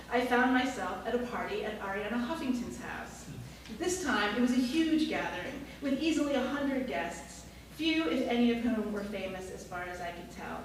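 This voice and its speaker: A woman's voice: medium pitch, far from the mic, a little hiss or hum. A woman reading a personal essay aloud to an audience at a live event, in a dry, wry way. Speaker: storyteller. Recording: echoey room, mic heard from afar.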